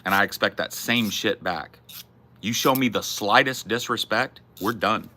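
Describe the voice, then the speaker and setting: Brief: low male streamer, blunt and profane, forceful edge. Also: a little slow. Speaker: streamer host. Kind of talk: casual chat answering viewers.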